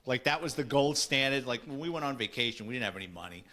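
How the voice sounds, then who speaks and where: A man in his fifties from the Bronx hosts a podcast, recalling family stories in a relaxed, conversational way. His voice sits at an ordinary mid pitch. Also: fast talker. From the Bronx, New York. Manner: reminiscing, storytelling. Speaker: podcast host. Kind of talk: casual chat.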